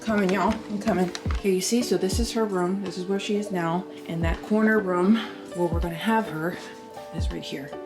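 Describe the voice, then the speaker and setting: A woman's voice: lowish voice, fairly even intonation, moderate pace, music in the background. A young woman talking casually on a home vlog, thinking aloud as she works around the house. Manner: chatty, thinking aloud while working. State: out of breath at times. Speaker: vlogger. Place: at home, moving through rooms. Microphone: handheld camera.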